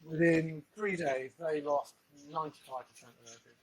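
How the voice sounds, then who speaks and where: Male interview host, slightly higher pitch, rambling and casual. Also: fairly even intonation, fairly quick, crowd noise, rough recording. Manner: rambling, restarts questions.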